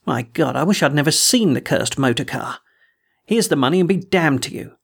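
A man voicing a rough, down-on-his-luck sailor who talks in a surly, aggrieved whine. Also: on the high side, lively intonation, moderate pace, exaggerated voice. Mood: surly whining.

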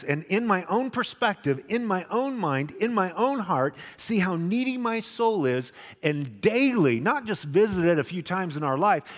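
A middle-aged man preaching a sermon to a congregation, swinging between loud animated questions and quiet confessional lines. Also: a little high, in a large hall. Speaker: pastor. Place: church hall with congregation.

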